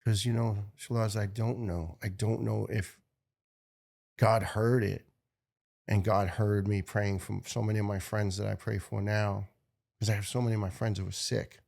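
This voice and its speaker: A middle-aged man from New York, a guest telling a personal story in an earnest, emotional way, halting and repeating words. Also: on the low side, level tone, creaky, a little mellow. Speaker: interview guest, retired firefighter.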